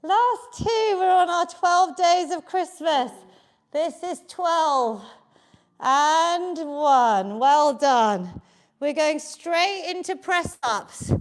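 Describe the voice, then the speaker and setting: A woman fitness coach leads a live home workout from her basement. Her voice sits high and she takes her time, counting reps and cheering everyone on. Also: animated, drawn-out words. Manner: encouraging, counts reps aloud. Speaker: fitness instructor.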